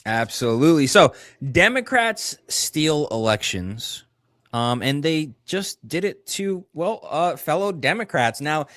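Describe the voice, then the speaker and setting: A man co-hosting a casual political call-in show, giving animated opinions and laughing often. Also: fairly high pitch, measured pace, dry recording. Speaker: co-host.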